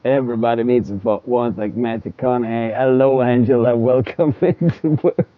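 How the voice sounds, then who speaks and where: A man's voice: medium pitch, moderate pace, dry recording. A man streaming a game and chatting casually to his viewers, rambling, repeating words and laughing often. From from a country that uses military time. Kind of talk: casual livestream chat to viewers while gaming. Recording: dull, lo-fi stream audio.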